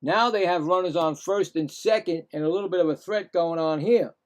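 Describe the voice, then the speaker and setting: A middle-aged man with a high voice streams casual live baseball play-by-play, talking fairly quickly. He rambles, corrects himself and throws in chatty asides.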